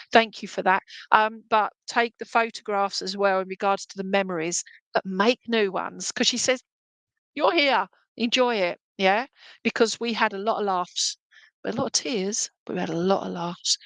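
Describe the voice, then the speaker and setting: Gentle, reassuring woman medium. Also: medium pitch, dry recording. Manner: gentle, reassuring, halting, many tag questions. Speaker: psychic medium. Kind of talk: live spirit reading for viewers.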